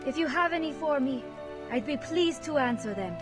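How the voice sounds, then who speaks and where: High, poised game mother, formal and courteous, game audio over music. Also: moderate pace. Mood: gracious. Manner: formal, even delivery. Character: composed refugee mother, formal and welcoming. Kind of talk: fantasy game voice acting.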